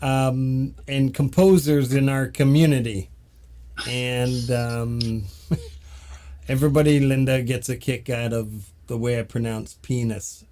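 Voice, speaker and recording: A male host from Canada who takes his time, trailing into ums and soft giggles between phrases. He speaks at an unhurried pace, and his voice sits in a middle range. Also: mid-range voice, steady tone. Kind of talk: casual talk show hosting.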